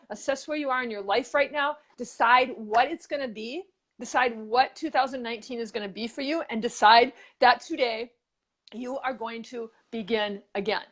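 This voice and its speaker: A woman co-hosts a casual motivational show, her fairly bright voice sitting a touch higher than most. A chatty storyteller, she rambles through stories and pitches, full of fillers and restarts.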